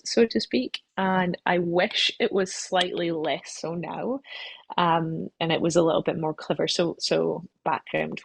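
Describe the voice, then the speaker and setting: A woman's voice: lowish voice, vocal fry, slightly rough, dry recording, poor audio. A woman, a company CEO, answering interview questions in a chatty, self-deprecating way, often laughing at herself and restarting sentences.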